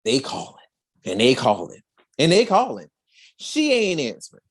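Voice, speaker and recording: A man hosting a podcast, telling a comic story in a slangy, animated way. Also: mid-range voice, moderate pace, breathy edge. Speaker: podcast host. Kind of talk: casual comic recap chat.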